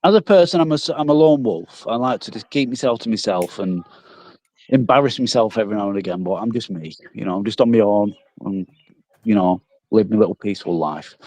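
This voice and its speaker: A man's voice: lowish voice, brisk, darkish tone, no echo. A man in a casual live chat, telling little stories about himself in a chatty, self-deprecating way. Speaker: chat guest.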